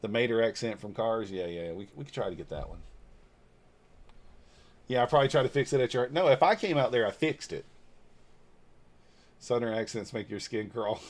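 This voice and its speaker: A man's voice: medium pitch, lively intonation, normal speed, pauses often. A man in his forties from Northeast Georgia, talking loosely and bluntly on a livestream while answering viewers' comments aloud. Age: 40s. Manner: blunt and loose, with mild swearing. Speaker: trading livestreamer. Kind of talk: casual livestream chat.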